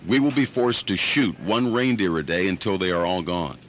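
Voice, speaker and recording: A man voicing a stiff, deadpan male police sergeant who keeps saying ma'am in a prank phone call. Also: low voice, moderate pace, a little hiss or hum. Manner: deadpan, formal, ends lines with ma'am. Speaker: prank caller.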